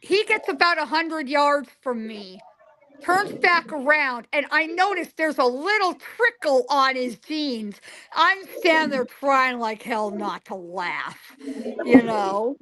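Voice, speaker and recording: A woman's voice: high-pitched, slow. A woman in her forties, a guest psychic, telling stories in a casual interview and acting out the dialogue in them. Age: 40s. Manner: animated storyteller acting out dialogue.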